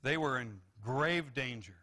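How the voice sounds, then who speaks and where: A male pastor preaching a sermon in a church, animated, swinging from low, quiet asides to sudden loud, high exclamations, with repeated restarts. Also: a little slow. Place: church sanctuary.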